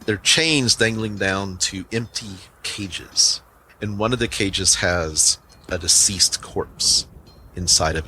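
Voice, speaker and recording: Deep-voiced game master for a tabletop game, bright tone, rambling descriptions, light hiss. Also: male voice. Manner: rambling descriptive narration with many fillers.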